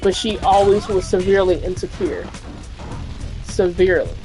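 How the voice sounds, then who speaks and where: A woman's voice: on the low side, moderate pace, dark tone, soft background music, low-quality recording. A woman streamer telling a long, rambling story while she plays at home. She speaks frankly and fills her talk with "like" and "you know". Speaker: gaming streamer. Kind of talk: casual storytelling over gameplay.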